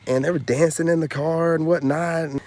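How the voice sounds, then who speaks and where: A man vlogging a casual story in a rambling, slangy way, dropping loud boasts and then hushed asides, full of filler phrases. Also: on the high side, steady tone, brisk.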